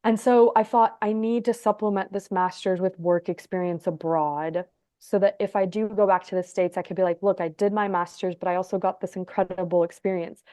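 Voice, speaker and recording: A woman in her thirties from Egypt and Texas, telling her story as a podcast guest in a chatty way, full of "like" and quick laughs. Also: medium pitch, steady tone, mellow, no echo, studio quality. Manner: chatty, lots of "like", laughs often. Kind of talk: casual storytelling interview.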